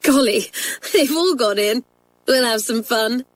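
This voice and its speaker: A woman reading aloud and voicing a mischievous schoolgirl who talks in an excited, bold way. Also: on the high side, moderate pace, no room sound, voice pushed up. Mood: gleeful. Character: mischievous, giggly schoolgirl playing pranks.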